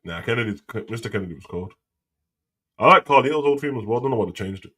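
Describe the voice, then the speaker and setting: Man, wrestling show host, casual live chat, slangy, opinionated, mid pitch. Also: expressive, quick pace, bright, forceful tone, slightly rough.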